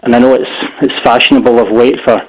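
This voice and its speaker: Scottish caller, bit out of breath, stumbles and repeats himself, mid voice. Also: male voice, medium pitch, flat delivery, low-quality recording. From Scotland. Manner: halting, repeats words when starting. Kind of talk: phone-in call.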